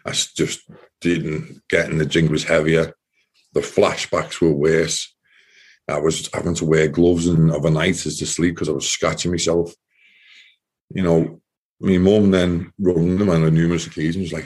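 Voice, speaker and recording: A man speaks in a very deep, husky voice with a dark tone. He gives emotional personal testimony, halting and repeating words as he struggles through it. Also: flat delivery. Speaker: interview guest, former soldier.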